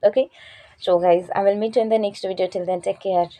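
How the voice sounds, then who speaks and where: A young woman from Chhattisgarh with a Chhattisgarhi English accent, giving casual advice on learning English to her viewers and often pausing to search for words. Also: mid-range voice, steady tone, warm tone, slight background noise. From Chhattisgarh, India. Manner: hesitant, searching for words with many fillers.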